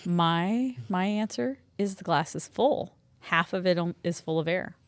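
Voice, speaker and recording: A woman's voice: on the low side, no echo. A woman hosting a podcast casually and asking the questions at an easy pace. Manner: unhurried, asks the questions. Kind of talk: casual chat.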